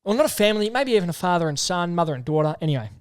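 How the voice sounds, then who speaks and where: Australian man, high smooth dry voice. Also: big pitch swings, racing, dry recording. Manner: storytelling, laughs easily. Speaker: podcast co-host. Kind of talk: casual banter.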